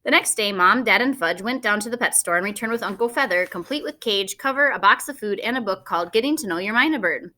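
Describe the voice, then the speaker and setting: A woman narrating a children's novel in the first person, lively and expressive. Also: medium pitch, fast talker, hardly any pauses. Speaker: audiobook narrator.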